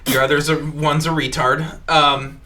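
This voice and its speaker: A man's voice: fairly high pitch, unhurried. A young adult man hosting a casual podcast, telling crude stories with laughter. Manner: laughing, crude, animated storytelling. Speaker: podcast host. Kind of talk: casual storytelling chat.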